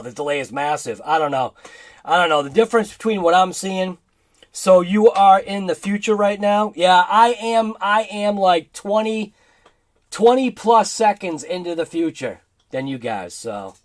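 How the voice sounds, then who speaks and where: A man's voice: high-pitched, expressive, moderate pace. A man with a Boston accent hosting a casual livestream, rambling and laughing as he reads chat aloud. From Boston area, United States. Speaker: livestream host.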